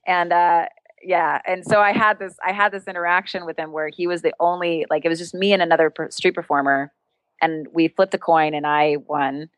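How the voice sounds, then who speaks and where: A woman telling an anecdote as an interview guest, laughing often and jumping into higher voices for the people she quotes. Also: fairly quick, dry recording. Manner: animated, acts out quoted voices with a jump in pitch. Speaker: guest, street performer and entertainer. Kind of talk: storytelling anecdote in conversation.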